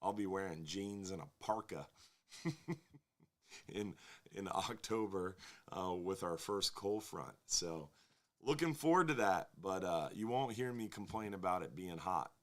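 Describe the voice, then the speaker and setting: A man's voice: sits low, measured pace. A man hosting a casual live fishing show, rambling and joking with viewers. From Florida. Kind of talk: casual live-stream chat.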